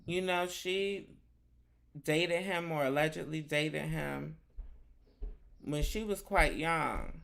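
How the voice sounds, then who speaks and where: A man's voice: fairly high pitch, slow, creaky, long pauses, a bit bright. A male livestream host doing chatty, flamboyant commentary, calling the chat "honey" and "child". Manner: talks to the chat.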